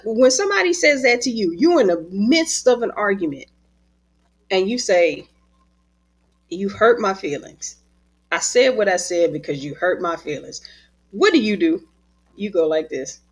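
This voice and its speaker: A woman, an author and spiritual teacher, talking in a casual conversation as an animated, expressive storyteller who laughs often, heard over a video call. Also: mid-range voice, breathy edge.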